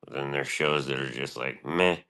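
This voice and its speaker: A man's voice: a bass voice, normal speed, bright, forceful tone. A middle-aged man streaming, talking in a profane, meandering, laid-back monologue. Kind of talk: casual rambling monologue.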